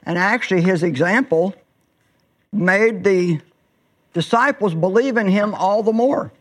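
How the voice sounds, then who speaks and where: Woman preaching, emphatic storytelling, drawn-out words, sudden rises. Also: medium pitch. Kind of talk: sermon.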